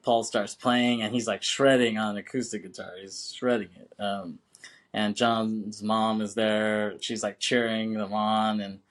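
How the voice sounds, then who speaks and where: A man's voice: fairly low pitch, flat delivery, measured pace. A man co-hosting a podcast in casual chat, talking loosely and profanely, laughing often and acting out quoted lines. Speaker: podcast co-host.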